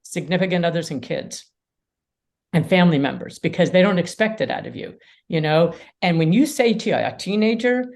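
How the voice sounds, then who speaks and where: A woman mediator and lawyer, a podcast guest, explaining ideas in an animated way and acting out quotes. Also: on the low side, normal speed, creaky. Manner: animated storyteller, acts out quotes. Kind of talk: casual conversation.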